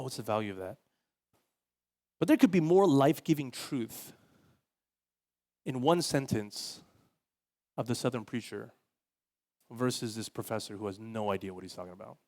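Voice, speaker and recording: Casual, animated male pastor preaching. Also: medium pitch. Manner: casual, conversational, heavy use of "like" fillers; animated, voices quoted people. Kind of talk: sermon.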